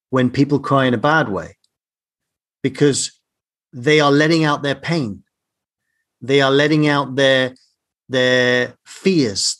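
A man's voice: medium pitch, a bit bright. A male podcast host in reflective conversation, speaking thoughtfully and often ending with "right?". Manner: thoughtful, drawn-out phrasing, asks tag questions. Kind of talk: reflective interview chat.

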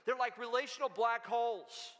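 A man's voice: very high voice, normal speed, a bit bright. A man pastor preaching a sermon in an emphatic, conversational way, repeating his phrases. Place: church sanctuary. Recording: long church-hall reverb.

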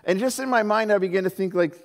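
Animated pastor, reverberant church hall. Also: male voice, high-pitched, fast talker. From Southern California. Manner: animated storyteller, acts out quoted voices, many "like"s. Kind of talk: sermon.

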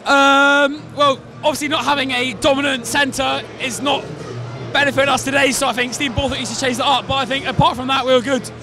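A male rugby fan calmly giving his view of the team outdoors after a match. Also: very high voice, a little fast, soft background music, a faint crowd. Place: outdoors outside a stadium.

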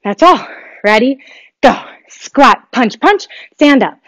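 A woman fitness instructor leads a home workout in an upbeat, encouraging voice, breathing a little hard as she moves along. Her voice sits slightly high, and the recording is dry with very little room sound. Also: lively intonation, slow pace, fairly bright tone, dry recording, poor audio. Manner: upbeat, encouraging coaching while exercising. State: breathing heavily.

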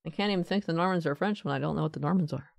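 A woman streaming a game, talking casually, swearing and joking as she rambles, now and then popping into a squeaky put-on voice. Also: rapid-fire, creaky, no echo, clean studio sound. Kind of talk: casual live-stream commentary.

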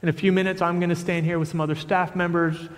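A man's voice: high voice, flat delivery, fast talker, in a large hall. A man preaching a sermon as pastor, reading scripture with rising force and then talking plainly to the congregation in a church sanctuary.

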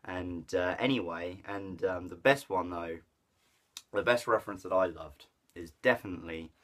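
A man with a strikingly deep, low voice reviews a film in a loose, rambling way at normal speed. He trips over words, restarts and leans on fillers, growing enthusiastic about the parts he enjoyed and laughing at the jokes he retells.

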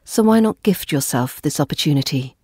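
Woman with RP English accent, low-pitched mellow voice, clear measured teaching, dry close mic. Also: animated, dry recording, soft background music. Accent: Southern English RP. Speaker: accent coach and podcast host. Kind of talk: scripted podcast lesson.

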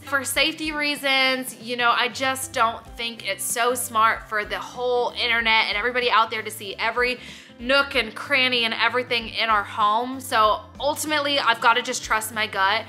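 A woman's voice: sits high, normal speed, bright, forceful tone, faint music behind. A young woman, talking casually to camera, emotional and full of "like". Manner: emotional, choking up and laughing; filler-heavy, repeats "like". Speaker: vlogger.

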